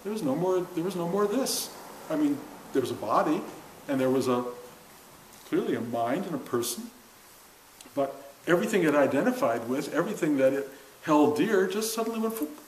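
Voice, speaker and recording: With a fairly high, expressive voice, an older spiritual teacher talks to a seated class at a moderate pace, pausing often. His informal talk is earnest and conversational, punctuated by frequent laughter, and the room's echo comes through along with a faint hiss.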